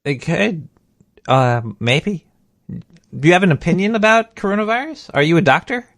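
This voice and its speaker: Gravelly dude hosting a chill podcast, kinda high, dry close mic. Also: male voice, lively intonation, moderate pace, fairly bright tone, no room sound. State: a little high. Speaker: podcast host. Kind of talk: casual chat.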